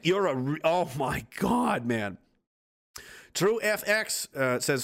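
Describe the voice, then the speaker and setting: A man's voice: fairly high pitch, very animated, slow pace, vocal fry, a bit bright. A man from East Coast Canada hosting a livestream, reading out chat comments in a blunt, profane, rambling way.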